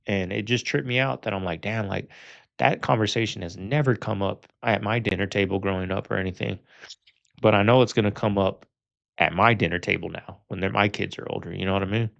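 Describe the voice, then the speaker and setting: A man's voice: fairly low pitch, fairly quick, creaky, fairly bright tone. A man talking reflectively in a casual podcast conversation. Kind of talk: podcast chat. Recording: muffled lo-fi audio.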